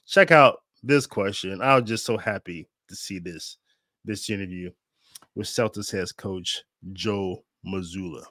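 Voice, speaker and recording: A man's voice: sits low, a little slow, a bit bright, no echo, clean studio sound. Groggy, rambling male show host. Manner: rambling, self-deprecating, chuckling. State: groggy after a nap. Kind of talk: casual livestream talk. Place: home studio in Germany.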